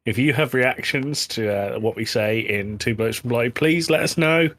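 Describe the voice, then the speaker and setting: A man's voice: mid-range voice, normal speed, a bit bright. A British man co-hosting a comedy podcast, chatting casually and rambling through jokes. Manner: joking, rambling. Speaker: podcast co-host.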